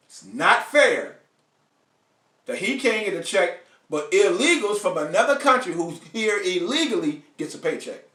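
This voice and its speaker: A man's voice: sits high, fairly bright tone, roomy sound, far from the mic. A man hosting a live online show, ranting bluntly and profanely to his viewers and calling out to them by name. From United States. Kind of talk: ranting live stream monologue.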